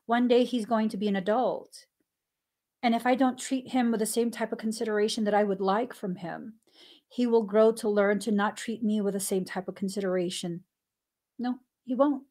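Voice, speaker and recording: A woman hosting a spiritual podcast, talking earnestly and candidly with thoughtful pauses. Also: medium pitch, steady tone, mellow. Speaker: podcast host. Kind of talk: reflective spiritual podcast talk.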